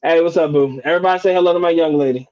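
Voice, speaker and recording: A man's voice: fairly high pitch, very fast, darkish tone, highs cut off. A man hosting a live stream, chatting casually and profanely, restarting and rephrasing as he goes. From United States.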